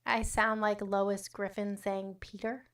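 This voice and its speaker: A fairly high-voiced woman hosting a casual livestream, talking straight to her chat. She is blunt and sarcastic and swears freely, and her voice sits a little back from the mic. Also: normal speed, fairly bright tone, far from the mic. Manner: blunt, profane, sarcastic asides. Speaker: livestream host. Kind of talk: casual livestream chat reading comments and news.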